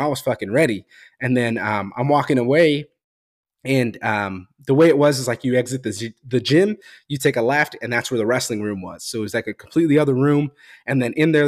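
A male podcast host tells personal stories in a relaxed, casual setting. He is blunt and swears freely, and he gets animated as the story builds. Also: medium pitch.

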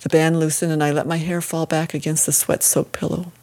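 Low-voiced woman narrating a story. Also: level tone, brisk, a little mellow. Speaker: audiobook narrator. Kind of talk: first-person scripted narration.

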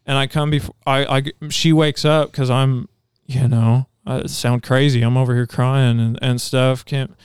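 A man of middling pitch tells a personal testimony in casual podcast chat, rambling and restarting as he goes. His voice is exceptionally smooth and resonant. The sound is dry and close, with no room around it. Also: flat delivery, a little slow, hardly any pauses, no room sound. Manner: earnest, rambling storytelling with many restarts. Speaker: podcast co-host.

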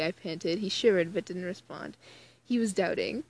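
Husky-voiced woman groaning through a read-aloud. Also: lowish voice, normal speed, dry recording. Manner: groans and cringes between read passages. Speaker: reader of fan fiction aloud. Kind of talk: casual reading with exasperated asides.

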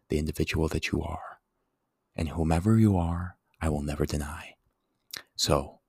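Deep gravelly-voiced man, soft and soothing. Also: no room sound, studio quality. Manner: gentle, reassuring, slow and soothing. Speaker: podcast host and Latin teacher. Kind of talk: soft-spoken podcast intro, partly whispered.

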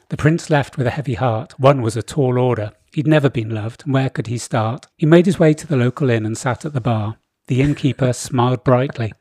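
A man reading a satirical comic story aloud in a dry, deadpan manner. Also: mid-range voice, fairly quick, few pauses, husky, dry recording.

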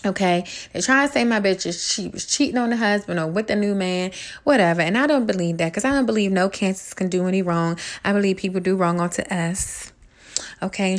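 A woman's voice: medium pitch, darkish tone. A young woman hosting her own podcast, ranting casually in a blunt, profane way and repeating her points. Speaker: podcast host. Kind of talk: casual solo podcast rant.

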